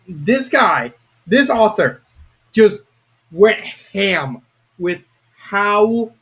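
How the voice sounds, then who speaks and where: A young man giving a casual, rambling video review of a fan story, excitable and prone to restarts. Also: high-pitched. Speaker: fanfiction reviewer.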